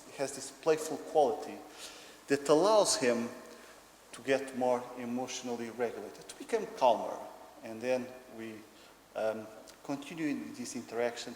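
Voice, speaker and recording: A man's voice: mid-range voice, darkish tone. A man with a Portuguese accent giving a conference lecture, explaining hesitantly with many ums. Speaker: conference speaker. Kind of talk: academic lecture. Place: conference hall. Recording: echoey hall with faint noise.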